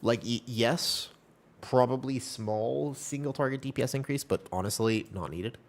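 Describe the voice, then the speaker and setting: A man's voice: medium pitch, moderate pace. A young man streaming a game, chatting casually with his viewers in a rambling, upbeat and reassuring way. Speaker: live streamer. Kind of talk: casual live-stream chat.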